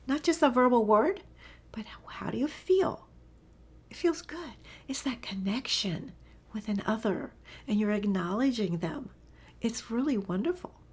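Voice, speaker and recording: Soft-spoken woman teacher, often whispering. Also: fairly high pitch, expressive, measured pace, slightly rough. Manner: enthusiastic, storytelling. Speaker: animal communication teacher. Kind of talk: casual spoken lesson.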